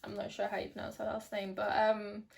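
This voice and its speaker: A woman's voice: medium pitch, monotone, a little fast, vocal fry, a little mellow. A young woman giving a casual book review, chatty and hesitant, with many ums and restarts. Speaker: book vlogger.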